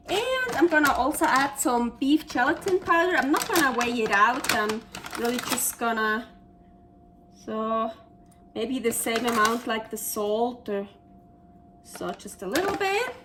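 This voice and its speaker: A woman's voice: high-pitched, noisy background. A woman hosting a casual cooking vlog, chatty and enthusiastic as she thinks aloud. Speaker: cooking channel host.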